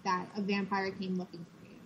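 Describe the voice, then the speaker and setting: A woman's voice: mid-range voice, monotone, fairly quick, dull audio, a little hiss or hum. A young woman co-hosting a casual fan podcast, teasing the others. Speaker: podcast co-host.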